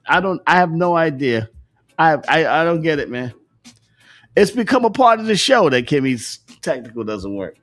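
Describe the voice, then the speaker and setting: A man's voice: on the high side, big pitch swings, normal speed, fairly bright tone. Laughing, profane male stream host. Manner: joking, laughs often, profane slang. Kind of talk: casual livestream chat.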